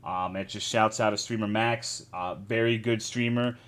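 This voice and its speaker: A man's voice: lowish voice, fairly even intonation, normal speed, fairly bright tone. A man streaming live, chatting casually with his chat, greeting viewers and swearing a lot while joking around.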